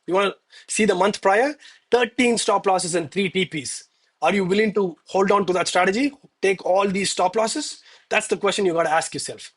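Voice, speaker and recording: A man with a fairly high, husky voice talks straight to his stream viewers. He is emphatic and preachy, repeating himself to drive the point home, and openly lets himself get emotional. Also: a bit bright. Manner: emotional, admits getting worked up. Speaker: live-streaming gold trader. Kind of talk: live trading stream talk.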